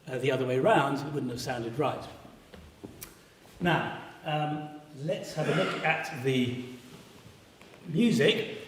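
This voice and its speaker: A man lectures on classics to a live audience, keeping it animated and slipping into brief sung demonstrations. His voice sits slightly high for a man. It arrives from far off, washed in the long reverb of a large hall. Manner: animated, sings short pitch examples to illustrate. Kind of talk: live public lecture with slides. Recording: echoey hall, voice picked up from afar.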